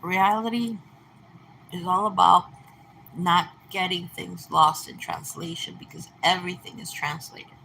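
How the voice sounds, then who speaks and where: A woman's voice: on the low side, steady tone, measured pace, vocal fry, bright, forceful tone, a little hiss or hum. A woman in her forties talking to camera in a casual, meandering way, reminiscing with many fillers and restarts. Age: 40s. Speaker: vlogger. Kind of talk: casual rambling monologue.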